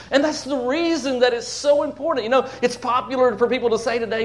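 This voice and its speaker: A man preaching a sermon to his church, emphatic, swinging between loud declarations and hushed asides, often repeating words. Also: very high-pitched, fairly quick, hardly any pauses. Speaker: pastor. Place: church sanctuary.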